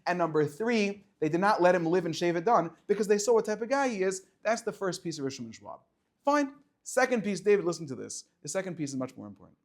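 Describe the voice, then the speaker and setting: A man teaching a lively Torah class to students, firing rhetorical questions and dropping to quiet explanation. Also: high voice. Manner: animated, swings between loud questions and quiet explaining, chats with students.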